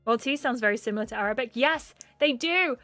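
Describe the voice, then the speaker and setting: An English woman from England streams casually, reading chat and talking with her viewers in a rambling way, laughing often. Her voice is fairly high, quick and sharp in tone, with no room sound and soft background music behind her.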